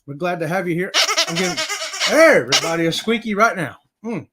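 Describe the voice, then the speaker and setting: A man's voice: sits high, animated, fairly quick, very noisy. A man hosting a casual livestream, upbeat and greeting viewers in the chat. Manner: upbeat, hypes up viewers, says y'all. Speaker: livestream host.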